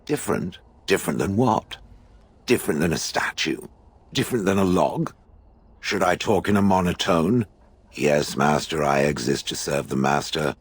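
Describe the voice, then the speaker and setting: A man voices a sardonic, disdainful ancient stone golem in video game dialogue, sounding dry, mocking, and condescending. His voice sits low with a breathy edge, lively intonation, and a normal speed.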